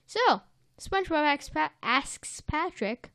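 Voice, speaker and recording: High, animated woman retelling a cartoon. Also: unhurried, clear, resonant tone, dry recording, clean studio sound. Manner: animated, breaks into character voices. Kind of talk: casual chat retelling a cartoon episode.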